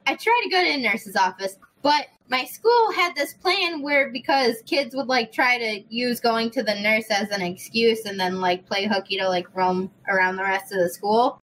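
Young woman, high voice, bright tone, casual storytelling, animated, swears. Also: normal speed, few pauses, a little hiss or hum, poor audio. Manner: animated, swears freely, acts out quoted people. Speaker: podcast host.

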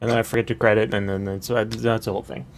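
A man co-hosting a casual podcast chat, self-deprecating and quick to laugh. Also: fairly low pitch, flat delivery, creaky. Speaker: podcast co-host.

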